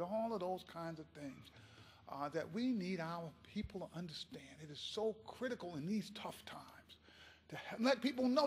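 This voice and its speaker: A man giving a keynote speech, telling a story in an impassioned, animated way. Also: fairly high pitch, normal speed, in a large hall. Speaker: keynote speaker.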